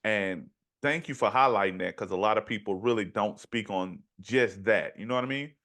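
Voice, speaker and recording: A man's voice: lowish voice, normal speed, a bit bright. A man hosting a podcast interview, talking emphatically and casually and often asking "you know what I mean". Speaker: podcast host.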